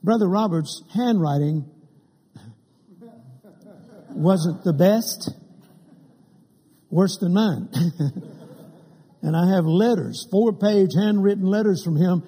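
An older man with a high, warm voice and a breathy edge delivers a sermon built on funny stories. He acts out the quoted lines of the people in them, and a long reverb from the hall trails his words.

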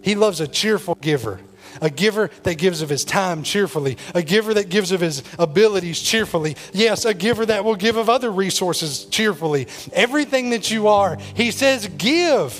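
Preacher guy, high voice, gets loud then real quiet, soft music under him. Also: expressive, moderate pace. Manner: emotional, swinging from loud pleading to quiet intensity. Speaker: pastor. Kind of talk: sermon.

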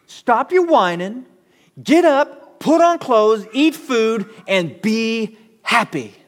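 A scornful queen barks orders at her sulking husband in a flat, commanding tone, as a man puts her on. Her low voice rings with a long church reverb. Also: takes it slowly, exaggerated voice. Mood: bossy. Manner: condescending, commanding. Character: bossy condescending queen, scornful wife.

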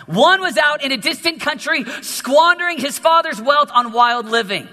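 A man preaching a sermon as a youth pastor in an emphatic, animated way, with many repetitions. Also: extremely high pitch, moderate pace, big-room sound.

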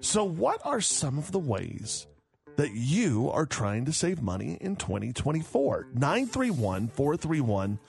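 A man's voice: fairly high pitch, wildly swooping pitch, measured pace, vocal fry, a little mellow, faint music behind. A man hosting a morning radio show, chatting casually and joking with his co-host. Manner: joking, stammers and laughs a lot.

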